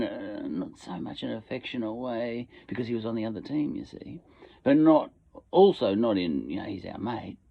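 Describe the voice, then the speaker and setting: An Australian podcast host rambles casually from his home shed, his medium-pitched voice expressive and marked by vocal fry at a moderate pace. He meanders with lots of fillers and asides, and the audio is tinny, phone-like, and lo-fi.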